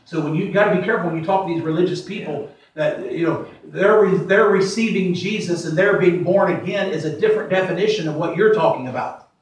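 A man's voice: high voice, far from the mic. Man preaching in an echoey church. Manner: plain-spoken, repeats himself, slows to stress verses. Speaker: pastor. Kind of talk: sermon. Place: church sanctuary.

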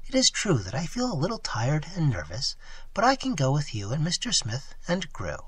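An audiobook reader voicing a nervous young woman on an expedition, speaking softly and half in whispers. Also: medium pitch, wildly swooping pitch, normal speed, no echo, exaggerated voice. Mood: uneasy. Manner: soft, breathy, half-whispered.

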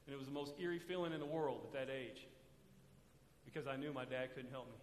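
A man's voice: mid-range voice, fairly even intonation, fast, a little hiss or hum. A man preaching a sermon in a church, drawing call-and-response answers from the congregation by having them finish his sentences. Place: church sanctuary. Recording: echoey hall with long reverb.

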